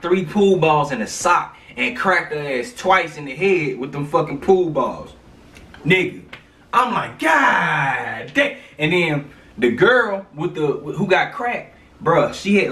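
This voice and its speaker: A man telling a story from his school days in casual slang, animated and acting out the sounds. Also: fairly high pitch, distant mic. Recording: roomy, away from the mic.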